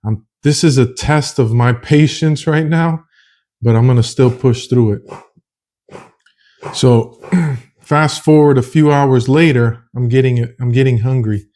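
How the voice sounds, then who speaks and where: Earnest man with a mellow voice. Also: mid-range voice, fairly even intonation, measured pace. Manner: earnest, rambling, repeats phrases. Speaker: vlogger sharing a faith testimony. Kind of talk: casual personal testimony.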